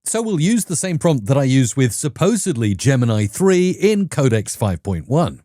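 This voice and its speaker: A man's voice: fairly high pitch, sing-song, normal speed, few pauses, dark tone, no echo, studio quality. A man hosting a tech video and talking through his tests in an upbeat, conversational way. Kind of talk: enthusiastic tech review narration.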